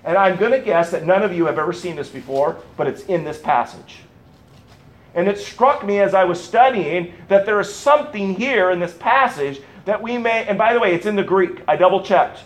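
Male pastor, middle-aged, high-pitched, emphatic preaching delivery that repeats words for effect. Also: animated, moderate pace. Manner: emphatic, repeats key words, swings between loud and soft. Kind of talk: sermon.

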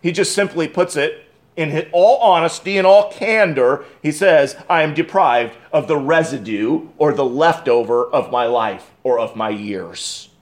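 A man delivering an expository sermon as pastor, preaching emphatically with dramatic pauses and restarts. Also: fairly high pitch.

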